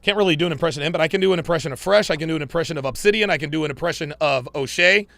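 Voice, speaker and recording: Gravelly, bright-voiced male podcast host. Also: a little high, racing, dry recording. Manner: blunt, profane, emphatic repetition. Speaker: podcast host reacting to clips. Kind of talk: casual reaction commentary.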